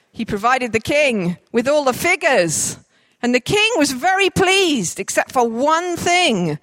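Lively woman storyteller. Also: high voice, no echo. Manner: lively, jokey asides, directing helpers. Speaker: children's storyteller. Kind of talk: storytelling with volunteers acting it out.

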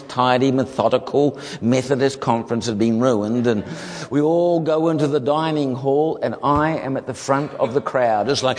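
A man from New Zealand with a New Zealand accent, telling a humorous testimony as a guest preacher, animated and full of comic asides. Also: a little high. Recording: long hall reverb.

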